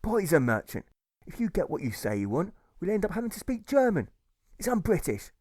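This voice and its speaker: A man's voice: sits high, very animated, a little fast, darkish tone, no room sound, studio quality, pitched above the performer's own voice. A man voicing an angry, blustering working-class labourer who hurls names at a speaker. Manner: blustering name-calling.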